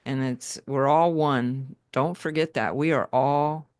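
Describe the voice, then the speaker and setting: A woman's voice: very deep voice, fairly even intonation, takes it slowly, darkish tone, dry recording, studio quality. A woman speaking as a guest on a video call, heartfelt and rambling with restarts. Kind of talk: casual conversation.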